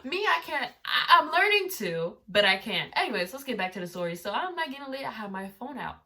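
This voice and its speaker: A woman's voice: a little high, sing-song, fairly quick, bright, forceful tone. Chatty, rambling woman, distant mic. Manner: rambling, with many asides and fillers. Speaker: vlogger telling a story. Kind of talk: casual storytime chat.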